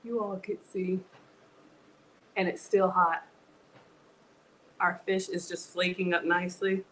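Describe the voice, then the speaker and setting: A woman's voice: lowish voice, level tone, slow pace, a bit bright, low-quality recording. Chatty middle-aged woman, live cooking host, faint background noise. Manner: chatty, greets viewers, laughs often. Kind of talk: casual live cooking chat.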